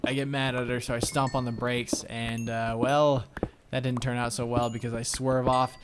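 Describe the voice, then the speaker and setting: A man's voice: mid-range voice, little pitch movement, normal speed. Young guy rambling through a game let's play, lots of uhs and likes, noisy home mic, clicks behind. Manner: rambling storytelling with many fillers. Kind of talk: casual gameplay commentary. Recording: home recording with audible background noise. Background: clicking sounds.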